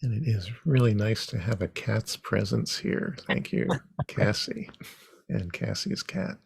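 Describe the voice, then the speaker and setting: A man teaching an online comics workshop over a video call, unhurried and halting, with frequent ums. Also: lowish voice, very animated, creaky, breathy edge, dry recording, studio quality.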